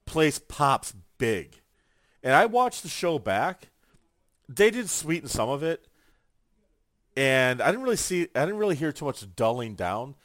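A man chatting casually on a podcast, his pitch swooping up and down as he acts out quotes from his stories. The sound is dry and close, with no room echo. His storytelling is lively and vivid. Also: unhurried, pauses often. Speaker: podcast co-host. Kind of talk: casual chat.

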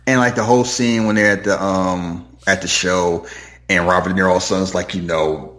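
A man's voice: low voice, fairly even intonation, fairly quick, a bit bright. A man in casual chat about a movie, rambling and opinionated with lots of fillers. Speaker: movie podcast co-host. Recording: roomy echo.

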